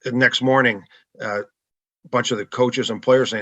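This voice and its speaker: A middle-aged man, a former goalie, telling stories in a relaxed podcast chat and laughing now and then. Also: mid-range voice, moderate pace, no echo, lo-fi sound. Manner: laid-back anecdotal, laughs often. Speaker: guest, former hockey goalie. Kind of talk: casual podcast storytelling.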